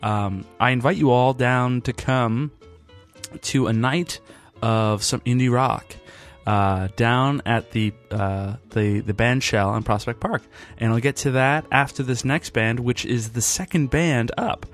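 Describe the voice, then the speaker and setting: A man hosting a podcast in a casual, rambling way, worn out after a long day and pausing often with fillers. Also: medium pitch, soft background music. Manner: rambling, halting, with frequent fillers. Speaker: podcast host.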